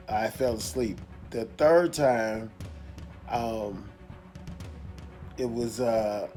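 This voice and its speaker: A man's voice: mid-range voice, darkish tone. A man giving a casual video review of a movie, rambling, repeating himself and restarting his sentences.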